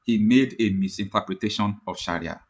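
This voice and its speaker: A man's voice: brisk, slight background noise. A man with a Nigerian accent reads a news article aloud and comments on it, speaking with passion and repeating his points. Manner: impassioned, repetitive, with sudden rises in pitch.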